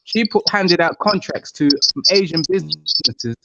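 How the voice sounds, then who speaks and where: A man's voice: a little high, animated, unhurried, gravelly, muffled recording, heavy background noise. A man arguing insistently on a heated panel, repeating himself to keep the floor. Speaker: panel guest.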